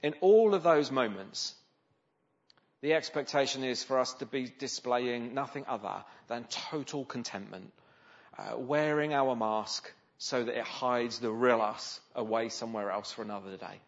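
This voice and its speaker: A man's voice: mid-range voice, measured pace. Conversational man preaching a sermon. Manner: conversational, with rhetorical questions. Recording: slightly dull, lo-fi sound.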